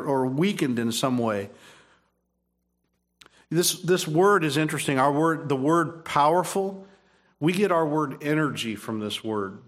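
Man, pastor, sermon, emphatic, repetitive, slightly high pitch. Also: lively intonation, measured pace, pauses often. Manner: emphatic, repeats phrases, frequent restarts.

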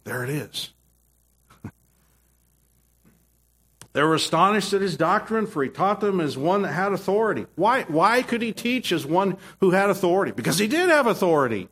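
A man's voice: high-pitched, sing-song, normal speed, long pauses, a bit bright, slightly rough. A middle-aged man preaching a sermon with emphatic, repetitive phrasing and frequent restarts. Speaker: pastor.

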